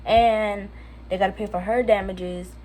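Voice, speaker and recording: A woman's voice: medium pitch, unhurried, slight background noise. A teenage girl from Jamaica telling a casual storytime on her channel, chatty with lots of fillers. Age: teens. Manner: chatty, lots of fillers, quotes others in lively voices. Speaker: vlogger. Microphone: phone camera.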